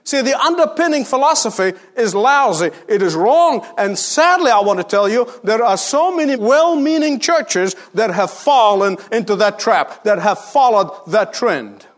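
A middle-aged man preaches with a notably high voice that rises and falls with a lot of movement. He presses his points home with rhetorical questions and repetition, in a firm pulpit manner. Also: expressive, moderate pace, few pauses. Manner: emphatic preacher, rhetorical questions, repeats for stress. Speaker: pastor. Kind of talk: sermon.

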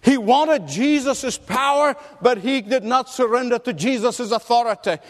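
A man's voice: extremely high pitch, normal speed. A man preaching a sermon, telling a story and driving it home with emphatic rhetorical questions. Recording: long hall reverb.

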